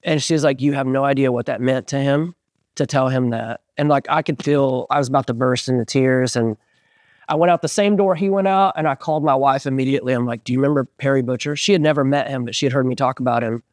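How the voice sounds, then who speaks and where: A man in his forties, a band singer, telling stories in an animated way as an interview guest and acting out the voices of people he quotes. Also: mid-range voice, quick pace, no room sound, studio quality. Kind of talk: casual storytelling interview.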